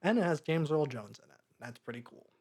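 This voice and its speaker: A young man co-hosting a podcast, chatting casually about a movie, rambling and halting with lots of fillers. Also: on the high side, animated, a little mellow, slightly rough. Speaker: podcast co-host. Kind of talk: casual movie review chat.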